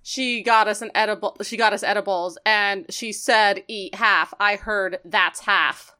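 Bright-voiced giggly woman co-host. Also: mid-range voice, steady tone, measured pace, smooth. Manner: giggly, candid anecdotes. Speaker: podcast co-host. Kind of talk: casual podcast chat.

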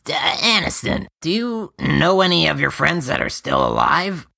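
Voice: medium pitch, wildly swooping pitch, moderate pace, creaky, sharp tone, no echo, studio quality. A player in a casual tabletop game who curses and restarts sentences. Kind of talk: tabletop role-play, casual.

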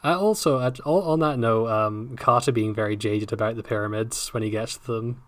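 Sardonic English-accented man, co-host, sweary deadpan delivery, dry close sound. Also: medium pitch, moderate pace, no echo. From England. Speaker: podcast co-host. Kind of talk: casual book discussion chat.

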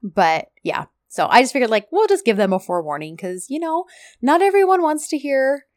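A woman's voice: high voice, big pitch swings, fairly quick, a little mellow, dry recording, studio quality. A woman co-hosting a podcast in casual chat, talking easily with many fillers. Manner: chatty, lots of fillers and "like". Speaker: podcast co-host.

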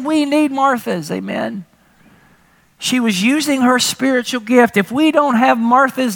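A man preaching a sermon as pastor, animated and humorous, with frequent rhetorical questions to the congregation. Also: very high voice.

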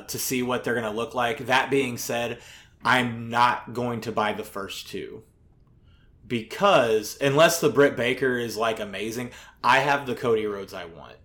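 With a mid-range, slightly bright voice at normal speed, a male podcast co-host rambles in casual conversation, full of fillers and the odd swear word.

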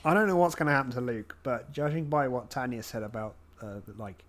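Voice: mid-range voice, expressive, a little fast, noisy background. A podcast guest talking hesitantly and poking fun at themselves. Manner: hesitant, self-deprecating. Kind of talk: casual chat.

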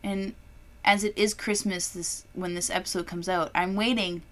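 A woman's voice: lowish voice, fairly even intonation, moderate pace. A woman co-hosting a podcast in casual chat, effusive and gushing. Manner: effusive, gushing, playful voices. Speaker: podcast co-host.

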